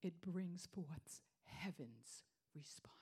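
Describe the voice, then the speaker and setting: A woman preaching a sermon, repeating her phrases for emphasis and dropping into hushed whispers before rising to loud declarations. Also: lowish voice, animated, slow, breathy edge.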